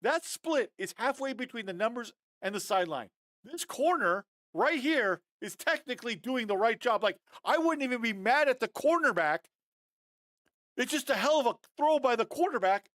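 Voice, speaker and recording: A man breaking down football game film on a live stream, animated and fired up, talking straight to his viewers. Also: very high voice, normal speed, no echo, clean studio sound. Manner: addresses viewers as guys, often adds okay.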